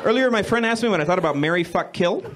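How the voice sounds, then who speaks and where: A young man doing a stand-up set on a comedy club stage into a handheld mic, awkward and deadpan, correcting himself and at times building into shouted rants. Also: high voice, fast talker, noisy background. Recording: live club recording with crowd laughter.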